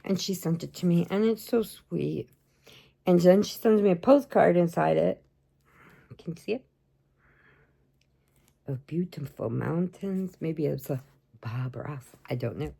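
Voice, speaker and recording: A woman's voice: lowish voice, measured pace, vocal fry, long pauses, mellow, husky. A woman hosting a crochet channel, chatting casually and rambling as she shows off mail she got, laughing often. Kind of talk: casual chat showing happy mail.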